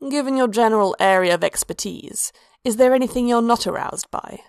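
A woman reader voicing a wry, sharp-tongued elf woman. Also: fairly high pitch, fairly quick, smooth, dry recording, pitched above the performer's own voice, lightly acted. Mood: dry. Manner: dry, wry delivery, slightly above her narration.

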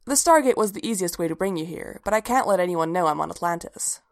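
A woman doing a calm, quietly firm woman leader. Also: fairly low pitch, fast talker. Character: calm, composed woman leader, gently mysterious.

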